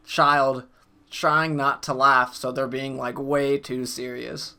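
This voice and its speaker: A man's voice: mid-range voice, level tone, takes it slowly, sharp tone, clear, resonant tone. A man in his twenties, co-hosting a casual movie review, talking in a laid-back way. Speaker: co-host of a movie review show.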